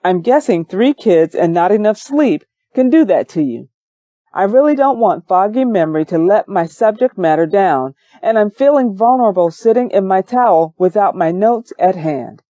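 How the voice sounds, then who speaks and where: A woman reads a first-person audiobook in a measured, calm way. Her voice is warm and mellow, set close to the mic in a dry space. The recording sounds slightly dull and muffled. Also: medium pitch, dry recording. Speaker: audiobook narrator.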